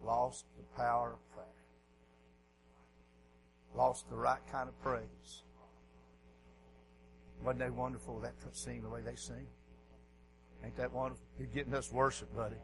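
A man preaching a folksy revival sermon in a church, dropping to quiet asides and rising to shouts. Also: level tone, a little slow, pauses often, noisy background. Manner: folksy, swings from low murmurs to hoarse shouting.

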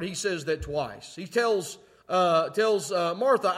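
A man preaching a sermon in a folksy way, often asking "okay?" and moving between loud emphatic lines and quiet asides. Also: high voice, expressive, slow pace. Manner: folksy, repeats "okay?" to check in with listeners. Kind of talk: sermon teaching.

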